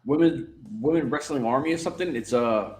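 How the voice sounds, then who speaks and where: A man co-hosting a casual wrestling chat show, telling stories in an animated, excitable way with plenty of swearing. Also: medium pitch, a little fast, roomy sound, soft background music. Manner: animated, profane, excitable storytelling. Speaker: co-host.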